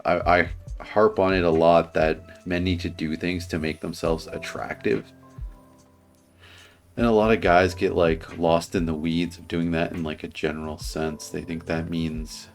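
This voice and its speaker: Very deep, flat-voiced man with a slight lisp. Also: unhurried, faint music behind. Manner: earnest, rambling with restarts. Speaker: dating advice commentator. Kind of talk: casual reaction commentary.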